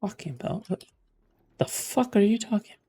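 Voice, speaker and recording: A man's voice: sits high, animated, normal speed, dark tone, slight background noise. A man streaming a game live, ranting sarcastically and swearing as he plays. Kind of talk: live gameplay commentary.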